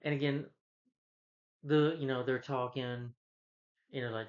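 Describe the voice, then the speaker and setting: Male film reviewer, casual rambling rant, fillers and exasperation, average pitch, muffled lo-fi sound. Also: steady tone, a little slow, pauses often. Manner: rambling, full of "you know" fillers, exasperated.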